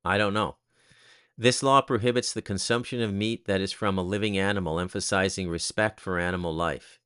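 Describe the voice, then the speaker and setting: A man's voice: low-pitched, fairly even intonation, brisk, fairly bright tone, smooth. A man hosting a casual commentary monologue, blunt, crude and sarcastic, often tagging "okay?" onto his points. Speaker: host.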